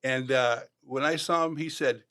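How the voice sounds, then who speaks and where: In a mid-range voice at a moderate pace, a sixties-aged ex-football player shares lively stories during a podcast interview, imitating the voices of those he quotes.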